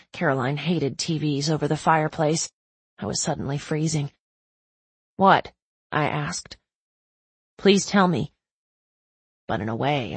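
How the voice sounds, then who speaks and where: A woman's voice: sits low, husky, no room sound. A woman giving intimate, emotional first-person audiobook narration.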